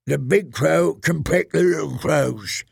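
A man's voice: fairly high pitch, a little slow, gravelly, breathy edge, no echo, studio quality, heavily acted. A man voicing a scruffy wildling warrior who growls mocking taunts in an audiobook. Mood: taunting growl.

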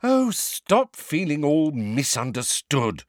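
A man voicing a clever, bossy teenage girl who talks briskly and lectures with exasperation. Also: medium pitch, very animated, no room sound, clean studio sound, voice pushed up.

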